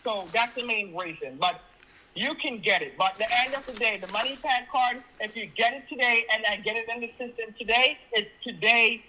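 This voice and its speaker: Bright-voiced Jamaican man giving pushy instructions. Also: very high-pitched, normal speed, low-quality recording. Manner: insistent, repetitive instructions in broken grammar. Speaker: phone scammer. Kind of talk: phone call.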